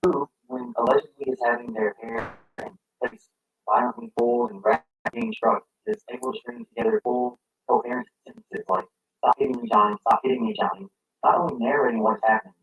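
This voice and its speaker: A man's voice: a little high, very animated, fast talker, creaky, breathy edge, dull audio. A man reading scripted commentary and building his case through rhetorical questions. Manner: argumentative, poses rhetorical questions. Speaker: commentary narrator.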